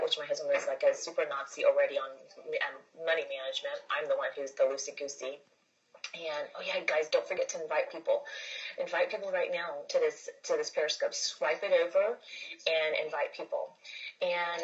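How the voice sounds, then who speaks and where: A woman's voice: sits low, muffled recording. A woman hosting a casual livestream, talking earnestly and emphatically, rambling with many restarts and repeated words. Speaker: livestream host.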